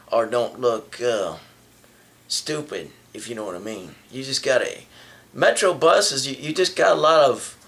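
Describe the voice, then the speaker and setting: A man chatting to camera in a loose storytelling vlog. He rambles and doubles back on his phrases, restarting sentences often. His voice sits in an ordinary middle pitch. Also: creaky, fairly bright tone. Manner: rambling, many restarts and repeats. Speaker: vlogger.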